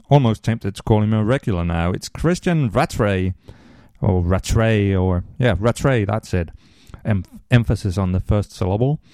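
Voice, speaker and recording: A man's voice: medium pitch, mellow, clear, resonant tone, no echo. Man, podcast host, rambling casual chat, dry humor, resonant voice, dead-dry close mic. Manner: rambling, many ums and restarts, dry humor. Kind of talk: casual podcast listener-mail segment.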